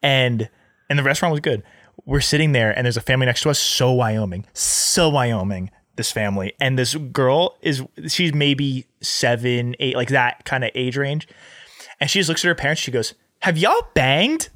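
A man co-hosting a podcast, telling stories quickly in casual chat, often laughing. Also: mid-range voice, no echo, clean studio sound. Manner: fast, animated storytelling with laughter.

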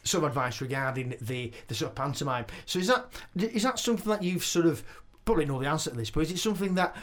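A man's voice: a little high, expressive, fast, a bit bright. A man hosting a casual interview, rambling with many restarts and laughs. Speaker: podcast host.

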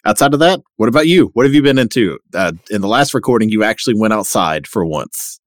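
A man co-hosting a podcast, chatting casually and enthusiastically with quick asides. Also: on the low side, lively intonation, no echo, clean studio sound. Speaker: podcast co-host. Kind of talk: casual chat.

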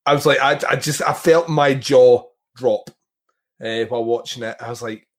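A man with a mid-pitched voice, co-hosting a podcast in loose, casual chat. He is excitable and laughs a lot, tripping over repeated words as he restarts his sentences. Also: normal speed. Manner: enthusiastic, laughs often, stammering restarts. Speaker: podcast co-host.

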